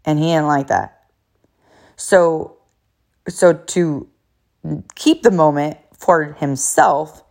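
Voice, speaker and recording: A woman's voice: deep voice, creaky. Chatty mother telling a family story. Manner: chatty, many "like" fillers, quotes others in animated voices. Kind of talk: casual storytelling to viewers.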